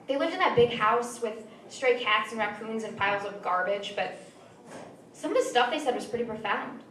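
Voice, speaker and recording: A young woman reading her own short story aloud at a live event, in a measured, dry storytelling manner. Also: medium pitch, a bit bright, slight background noise. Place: small venue. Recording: roomy, distant mic with faint ambience.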